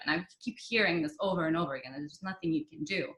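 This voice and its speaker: A young woman with a lowish voice tells her story as a podcast guest. Her talk is casual and chatty, full of fillers, and she acts out what others said. The recording has a roomy echo. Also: fast talker, fairly bright tone. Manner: chatty, many fillers like "like" and "you know", quotes others in dialogue.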